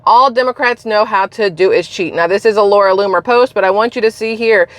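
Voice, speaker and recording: A woman's voice: mid-range voice, a little fast, dry recording. A woman hosting a political commentary vlog, talking in a blunt, opinionated, casual way. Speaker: channel host.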